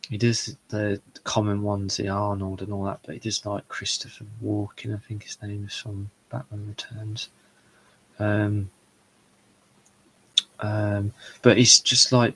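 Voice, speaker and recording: A man, hosting a solo live chat, talking in a rambling, halting way full of fillers and restarts. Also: fairly low pitch, a bit bright, low-quality recording. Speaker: show host. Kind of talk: solo live chat about comedy shows.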